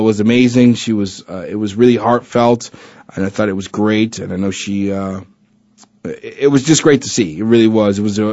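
A man's voice: mid-range voice, darkish tone, dry recording. A man hosting a casual chat show, rambling with lots of fillers and restarts, joking as he goes. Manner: chatty and joking. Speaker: podcast host. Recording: dull lo-fi recording.

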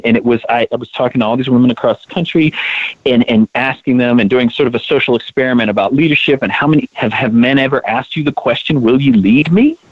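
An earnest, emphatic man speaks as an interview guest, often doubling back on his words before pressing his point. His voice comes through a narrow, tinny phone line, with a dry sound and no room echo. His pitch sits in the middle for a man. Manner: earnest and emphatic, with many repeated words as he restarts. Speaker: interview guest, co-founder of a women's leadership project. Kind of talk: conversational interview.

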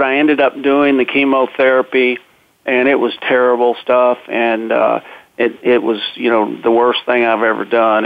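A man recounts a personal story in an earnest, plain-spoken way, stopping on fillers and starting sentences over. His middle-pitched voice has a gravelly fry. It comes through a narrow, phone-like channel with a dry sound. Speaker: cancer survivor telling his story.

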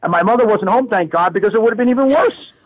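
A man in his fifties telling a childhood story as a guest, animated and repeating his words. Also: high voice, fast, dry recording. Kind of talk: casual storytelling. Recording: phone-like radio line.

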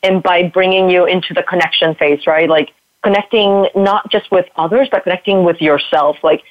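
A woman's voice: fairly low pitch, fairly even intonation, normal speed, no room sound, phone-quality sound. A woman guest and spin instructor, talking bluntly with plenty of swearing about tough love and self-worth. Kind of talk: candid interview conversation.

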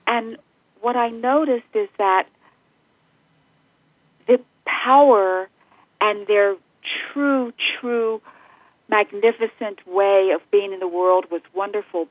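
A middle-aged woman speaks as an interview guest, warm in her wording and heartfelt, laughing easily between thoughts. Her voice comes through a thin, phone-like line with a dry, close sound. Her pitch sits in an ordinary middle range. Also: slow, long pauses, no room sound. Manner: effusive and heartfelt, laughs often. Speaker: podcast guest, joy and empowerment facilitator. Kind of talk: interview conversation.

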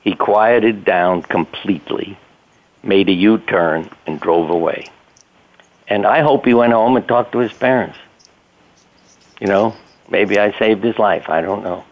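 An older man with a low voice tells plainspoken stories as a guest on an interview show, casual and anecdotal, with the occasional curse. He is heard over a tinny, phone-like line. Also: unhurried, pauses often. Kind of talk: conversational storytelling.

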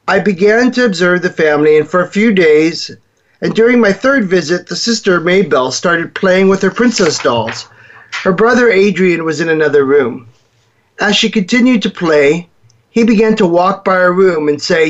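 A man hosting a show, telling a story in a lively way and acting out the voices of the people in it. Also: high voice, normal speed, lo-fi sound. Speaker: host. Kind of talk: storytelling talk.

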